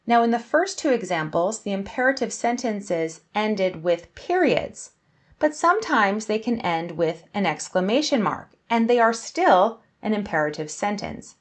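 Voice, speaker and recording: A young adult woman teaching an English grammar lesson, explaining clearly and slowly, acting out example sentences. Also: mid-range voice, animated.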